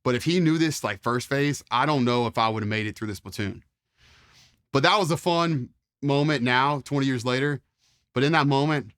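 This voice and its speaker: A man's voice: medium pitch, fairly bright tone. A man in his forties from Virginia telling stories in a casual, rambling way, full of fillers and mild swearing. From Charlottesville, Virginia, US. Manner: rambling with many fillers, mild profanity, acts out quotes. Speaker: interview guest, former Marine. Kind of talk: casual storytelling.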